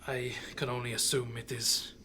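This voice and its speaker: A frail old man, as a game master puts him on, murmuring low and measured in a tabletop game. He speaks at a middling pitch over a faint hiss in the background. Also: flat delivery, bright, forceful tone, close to an everyday voice. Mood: evasive.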